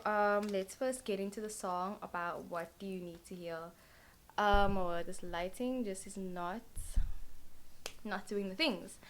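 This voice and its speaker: Young woman, tarot reader, casual chat, tired, rambling, filler-heavy. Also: mid-range voice. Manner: rambling, full of "like" and "literally" fillers. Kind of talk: casual chatty tarot reading.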